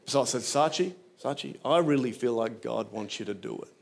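A man's voice: mid-range voice, fairly quick, vocal fry. A man preaching a sermon, telling a story and acting out the voices in it. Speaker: guest preacher.

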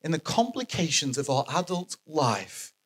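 A man preaching a sermon, animated and emphatic, repeating his key phrases for effect. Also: fairly high pitch, normal speed.

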